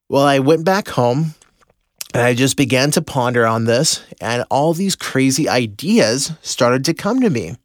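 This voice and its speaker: A man's voice: on the high side, lively intonation, normal speed, no room sound, studio quality. A man hosting a podcast, telling a personal story to his listeners and acting out his own inner voice. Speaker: podcast host and business mentor.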